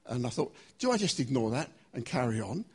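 A man preaching a sermon in a church, emphatic, slowing down to stress key phrases. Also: mid-range voice, big pitch swings, a little mellow, breathy edge. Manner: emphatic, varied pace with slow stressed phrases.

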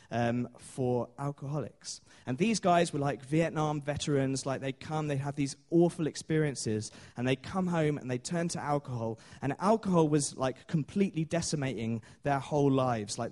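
A man's voice: medium pitch, a little mellow. A man preaching a sermon in a chatty storytelling way, with many fillers and small laughs.

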